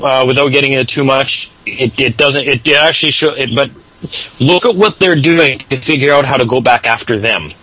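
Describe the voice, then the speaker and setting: A man's voice: mid-range voice, sharp tone, no echo, rough recording. A man hosting a casual talk show, lecturing and advising at length. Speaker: show host.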